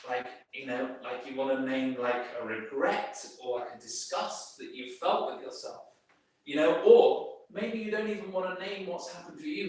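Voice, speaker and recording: A man giving an informal talk to a group, rambling through many fillers and restarts. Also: on the high side. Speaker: speaker giving a workplace talk. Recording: very echoey room, speaker far from mic.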